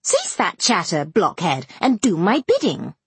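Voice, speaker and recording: A woman voicing a haughty, spoiled young lady who gives commands in a high, sharp voice. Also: wildly swooping pitch, measured pace, slightly rough, no room sound, heavily acted. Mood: commanding.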